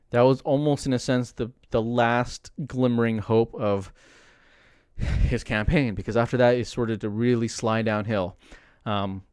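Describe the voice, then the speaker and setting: A young man chatting casually on a livestream, rambling with lots of fillers and animated asides. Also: fairly low pitch, clean tone, no echo, studio quality. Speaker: streamer commenting on politics.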